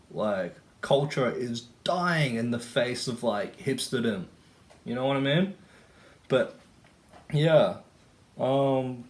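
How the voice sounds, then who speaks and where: A young Australian man ranting casually to camera, rambling and swearing with lots of fillers. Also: mid-range voice. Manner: rambling, profane, full of fillers. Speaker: vlogger.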